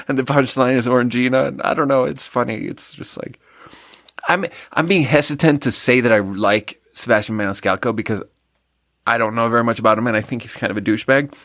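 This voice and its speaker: A man's voice: mid-range voice, a little fast, a bit bright, no room sound, clean studio sound. A man hosting a solo podcast, chatting casually in a rambling, self-deprecating way that trails off and restarts. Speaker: podcast host.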